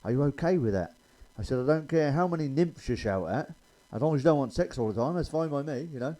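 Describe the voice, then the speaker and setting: A man's voice: mid-range voice, lively intonation, fast, dark tone, poor audio. A man telling blunt, sweary stand-up jokes in a chatty way. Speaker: stand-up comedian.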